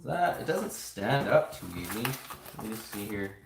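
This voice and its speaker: A man's voice: on the low side, sing-song, normal speed, gravelly, background noise. Chatty man live-streaming in an echoey room. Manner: rambling, chatty, talks to viewers while building. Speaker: toy building streamer. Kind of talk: casual live stream chat. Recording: roomy home room echo.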